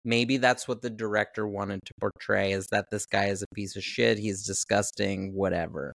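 A man's voice: lowish voice, steady tone, moderate pace, gravelly, fairly bright tone, dry recording, clean studio sound. A man co-hosting a podcast, reviewing a movie in a laid-back, blunt way and swearing freely. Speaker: podcast co-host. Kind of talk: casual movie review chat.

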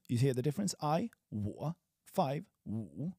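Guy teaching a lesson, slows down to repeat words, lively up and down voice, dry close sound. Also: medium pitch, husky, dry recording. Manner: chatty, repeats words slowly for learners. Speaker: Chinese language teacher. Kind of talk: casual spoken lesson.

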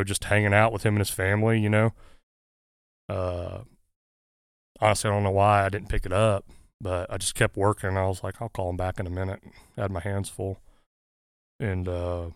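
A man speaks in a lower register, recounting events in an earnest, halting way. His sound is close and dry, with no room in it. He talks casually, as if to a friend across the table. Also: fairly bright tone, clear, resonant tone, no room sound. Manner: halting, many "uh" fillers, earnest. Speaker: guest, firefighter. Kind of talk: casual conversational storytelling.

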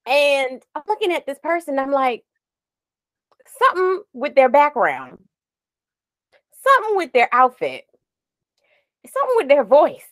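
A woman in her forties co-hosting a podcast, telling a story in an animated, laughing way and drifting off on tangents. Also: sits high, measured pace, long pauses, no room sound. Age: 40s. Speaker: podcast co-host. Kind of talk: casual chat.

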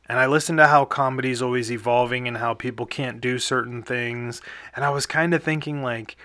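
A man's voice: medium pitch, pushed and bright, no echo. A young man hosting a casual podcast, rambling through a movie review with lots of fillers and small chuckles.

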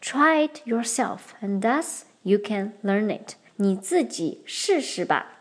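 A young woman hosting a podcast lesson, explaining Chinese patterns clearly and switching between English and Mandarin. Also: mid-range voice, lively intonation, slow pace. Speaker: podcast host and Chinese teacher. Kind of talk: bilingual language lesson.

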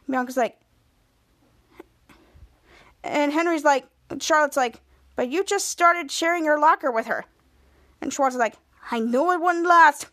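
A woman's voice: high voice, measured pace, pauses often, a bit bright. A woman podcast host casually recapping a TV episode, retelling each scene and raising her voice for the quoted lines.

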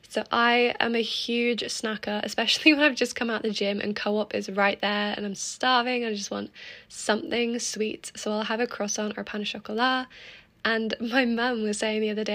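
A woman's voice: mid-range voice, fairly bright tone. A teenage girl hosting her own podcast, chatting casually and upbeat with frequent laughs. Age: teens. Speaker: podcast host. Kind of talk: casual solo podcast chat.

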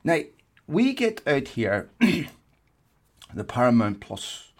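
A man's voice: mid-range voice, wildly swooping pitch, slow pace. A man co-hosting a podcast, ranting in heated casual chat and swearing often. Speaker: podcast co-host.

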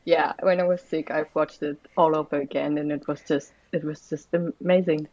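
A woman guest with a very low voice, chatting eagerly on a podcast. Her audio sounds dull and lo-fi, with a dry, close feel. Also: steady tone, moderate pace, warm tone, no room sound. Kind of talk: casual chat.

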